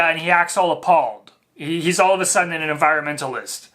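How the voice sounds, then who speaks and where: A man's voice: fairly high pitch, quick pace, bright, forceful tone. A man hosting a reaction video, talking in a rambling, mocking way full of fillers. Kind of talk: casual commentary.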